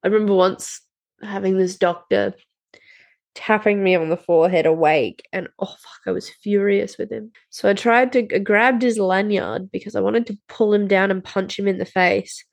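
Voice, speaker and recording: A woman's voice: mid-range voice, steady tone, moderate pace, creaky. A woman, co-hosting a podcast and retelling a TV episode in blunt, matter-of-fact casual chat, swearing freely. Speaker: podcast co-host. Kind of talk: casual chat recapping a TV show.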